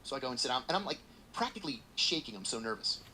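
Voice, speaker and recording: Animated man telling a story. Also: mid-range voice, rapid-fire, a little hiss or hum. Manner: animated, acts out the voices in his story. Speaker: podcast guest. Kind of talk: storytelling anecdote.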